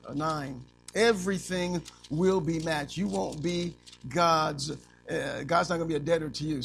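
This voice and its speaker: A man preaching a sermon as pastor, animated, asking the congregation to finish his lines and acting out little scenes. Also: fairly high pitch, vocal fry, slight background noise. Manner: animated preaching with call-and-response questions; acts out little scenes in other voices.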